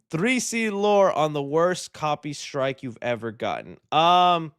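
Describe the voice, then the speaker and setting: Slightly high, fairly bright, and very animated, this man's voice is clear and resonant, though he takes things slowly. Hosting a casual live movie news stream, he jokes, rambles, responds to chat, and keeps trailing off and restarting.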